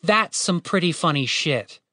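A man voicing an excitable, foul-mouthed little adventurer in an audiobook, loud and eager. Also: fairly high pitch, a little slow, no echo, clean studio sound, voice pushed up, exaggerated voice. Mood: sarcastic. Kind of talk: audiobook character voice.

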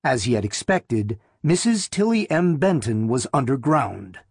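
A man narrating a novel as an audiobook, in a measured, steady reading. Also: medium pitch, gravelly, slightly rough, no room sound, clean studio sound. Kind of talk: scripted narration.

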